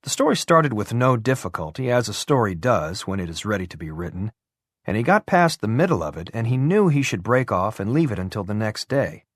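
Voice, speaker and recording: An audiobook is narrated by a man whose voice sits on the low side, his storytelling calm and even. It's a clean studio recording without any room sound.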